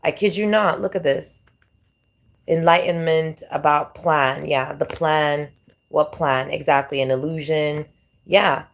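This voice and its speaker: A woman gives a casual tarot reading, circling back and repeating herself as she talks. Her voice sits slightly low for a woman. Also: unhurried, creaky. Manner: rambling, repetitive, heavy on fillers. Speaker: tarot reader.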